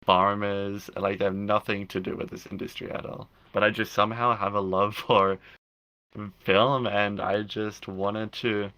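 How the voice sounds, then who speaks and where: A man's voice: fairly low pitch, pushed and bright. A young adult man, a filmmaker and podcast guest, chatting casually and rambling with frequent restarts. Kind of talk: casual interview chat.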